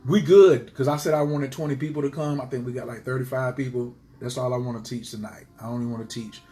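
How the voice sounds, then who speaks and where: A man's voice: medium pitch, steady tone, quick pace, dark tone, slight background noise. A man teaching astrology to his viewers in a casual live stream, speaking passionately and emphatically and driving his points home by repeating them.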